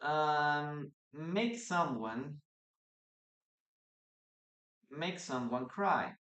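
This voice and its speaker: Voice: medium pitch, animated, very slow, a bit bright. A teacher gives a live online English lesson, repeating example phrases and reading out student comments. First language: Spanish.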